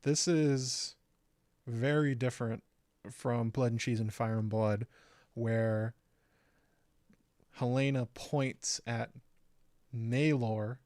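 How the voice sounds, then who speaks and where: A man's voice: mid-range voice, steady tone, slow pace, long pauses, darkish tone, no echo, studio quality. A man hosting his own channel, casually breaking down an episode with frequent "um" fillers. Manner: conversational, frequent "um" fillers, recapping plot step by step. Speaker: YouTube show host.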